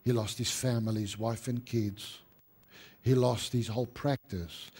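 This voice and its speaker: A man delivering a church sermon in a middle-pitched voice. He leans on words for emphasis and sinks to near-hushed tones for heavy moments. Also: fairly even intonation, a little slow, slightly rough. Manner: emphatic preaching with dramatic drops to a hushed voice. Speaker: pastor.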